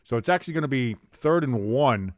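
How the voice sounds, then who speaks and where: This is a young man's watch-along stream: he calls plays in a relaxed way, reads viewer comments between them, and jumps up excitedly whenever a big play lands. His voice is medium-pitched and fairly quick, with no room sound.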